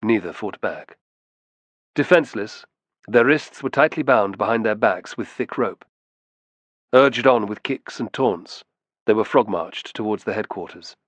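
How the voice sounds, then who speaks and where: Low-voiced man narrating an audiobook. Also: a little slow, dry recording. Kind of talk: scripted narration.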